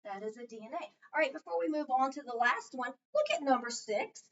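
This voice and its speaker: A woman's voice: sits high, expressive, brisk. A woman teaching a small group of children to read, patiently leading call-and-response drills in a classroom. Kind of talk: classroom reading lesson. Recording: distant, muffled classroom recording.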